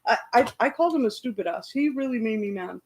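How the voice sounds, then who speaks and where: A woman hosting a livestream, loudly and heatedly retelling an argument in casual talk. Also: a little high, expressive, quick pace, heavy background noise. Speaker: livestream host.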